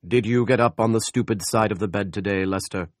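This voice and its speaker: A man voicing God in an audiobook, loud, slow and solemn, with old-fashioned speech. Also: on the low side, dry recording, clean studio sound, natural voice. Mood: commanding. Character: booming scolding male voice of God. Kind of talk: audiobook character voice.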